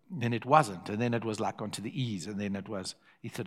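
A man's voice: lowish voice, brisk, few pauses, a bit bright. An older man with a South African accent, preaching a sermon built around a personal story and repeating phrases for effect.

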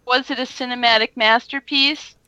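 High, bright woman bantering. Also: steady tone, moderate pace, no echo, muffled recording. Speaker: podcast co-host. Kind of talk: casual movie chat.

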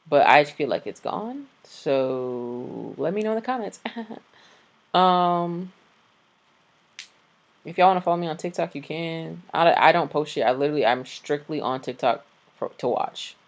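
A woman in her late twenties hosting a solo podcast, ranting bluntly with lots of swearing, and sounding tired. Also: low voice. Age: 20s. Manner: blunt, profane, animated ranting. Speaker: podcast host. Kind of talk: casual solo podcast rant.

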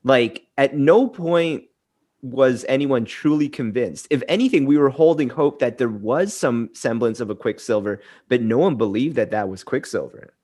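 A man's voice: medium pitch, moderate pace, darkish tone, husky. A man in a casual podcast chat, thinking aloud with many "like" fillers. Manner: thoughtful, chatty, many "like" fillers. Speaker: podcast co-host.

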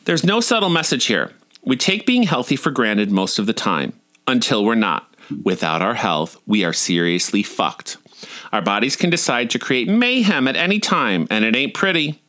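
Wry, expressive man reading his essays. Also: medium pitch, moderate pace. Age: 40s. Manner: wry, dryly comic, expressive. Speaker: storyteller. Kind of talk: reading personal essays aloud.

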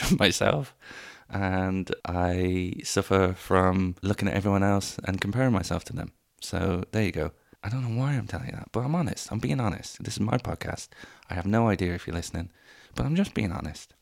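Rambling man with a gravelly low voice. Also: no echo, clean studio sound. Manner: rambling, self-deprecating, sweary, jumps between voices. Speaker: podcast host. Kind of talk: rambling solo comedy podcast.

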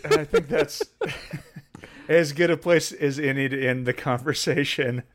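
A man's voice: a little high, steady tone, a little slow, fairly bright tone, slight background noise. A man co-hosting a casual podcast chat, swearing freely and dropping laughing asides. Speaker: podcast co-host.

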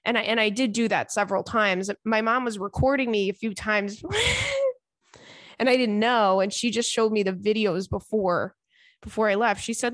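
A woman's voice: medium pitch, lively intonation, normal speed, fairly bright tone, no echo, studio quality. A woman hosting a casual solo podcast from home, telling candid, profane stories in a chatty way. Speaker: podcast host. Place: home, indoors.

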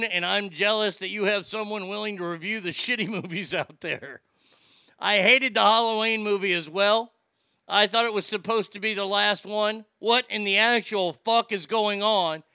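A man's voice: sits high, vocal fry, bright, forceful tone, smooth, dry recording, studio quality. A man ranting casually and profanely about movies while reading out listener comments. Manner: swearing, exasperated ranting.

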